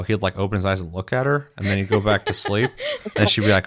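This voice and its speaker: Profane, lower-voiced man telling gaming stories. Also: quick pace. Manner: profane, storytelling, animated quoting. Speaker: co-host. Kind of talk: casual gaming chat.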